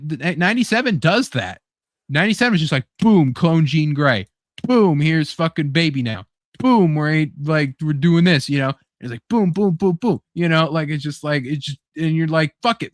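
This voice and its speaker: A man hosts a loose, casual chat, his voice sitting a little high as he rambles excitedly through fillers and curses. The sound is dry and close with no room around it. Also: dry recording. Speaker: podcast host.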